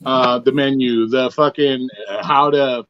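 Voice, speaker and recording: A man on a livestream panel explaining in a halting way, with swearing. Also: mid-range voice, steady tone, slight background noise. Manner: halting, profane. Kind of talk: casual livestream panel talk. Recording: dry, muffled line.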